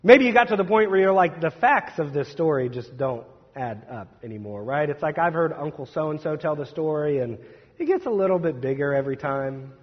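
A slightly high, husky male pastor preaching in a church sanctuary, his voice carried by a long reverb. He reads scripture and tells family stories in a loose, conversational way. The sound is a little dull and lo-fi. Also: lively intonation, fairly quick. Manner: conversational storytelling with laughs. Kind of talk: scripture reading and Easter sermon.

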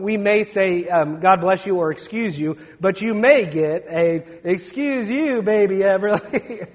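A man's voice: high voice, breathy edge, long reverb tail, muffled recording. A man in his thirties, a pastor reading scripture and then preaching an Easter sermon in a church sanctuary, telling stories in a chatty way. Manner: conversational storytelling with laughs.

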